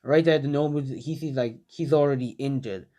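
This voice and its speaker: A young man narrates a fan story in a loose, casual way. He rambles and leans on filler words as he goes. His voice sits at an ordinary middle pitch. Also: brisk, mellow, highs cut off. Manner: rambling, many "like" and "just" fillers.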